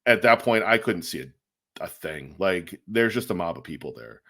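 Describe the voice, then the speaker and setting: A man co-hosting a podcast, telling a long story in a casual, animated way, acting out quotes and using many fillers. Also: deep voice, normal speed. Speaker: podcast co-host.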